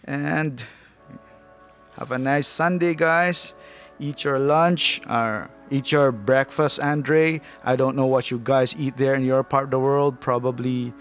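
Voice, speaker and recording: A man's voice: mid-range voice, fairly even intonation, slow, fairly bright tone, soft background music. A man from the Philippines, hosting a casual livestream, chatting loosely, reading chat aloud and laughing often. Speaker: livestream host.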